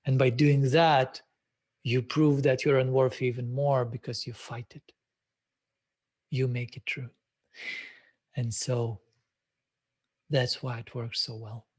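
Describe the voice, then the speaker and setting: A man's voice: medium pitch, level tone, slow pace, pauses often, husky. A man hosting a self-development webinar, speaking reflectively with many hesitant filler sounds. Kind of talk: live webinar talk.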